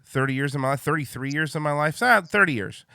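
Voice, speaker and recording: A man's voice: fairly high pitch, expressive, fast, vocal fry, sharp tone, dry recording, clean studio sound. A middle-aged man from Miami hosting a casual podcast, blunt and crude, rambling with restarts. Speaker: host.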